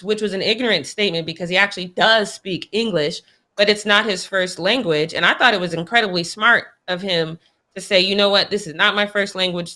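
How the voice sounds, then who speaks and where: A woman's voice: medium pitch, sharp tone. A woman co-hosting a sports talk show, giving her opinions in casual, emphatic chat. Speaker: podcast co-host.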